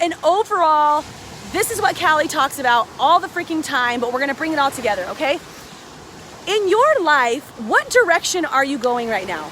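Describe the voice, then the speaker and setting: A high-voiced woman talks to her viewers in a chatty, excitable way, greeting them by name. Her tone is bright and sharp. It is recorded on a phone outdoors on a beach, with faint surf noise behind her. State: out of breath. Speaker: live video host. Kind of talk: casual motivational live stream. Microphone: phone held by a friend.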